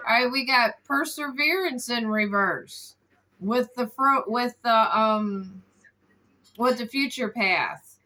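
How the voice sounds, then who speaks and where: Woman tarot reader, bright and a bit high, casual, exasperated, swears freely. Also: low-quality recording. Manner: exasperated, scolds between readings. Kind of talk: casual tarot reading video.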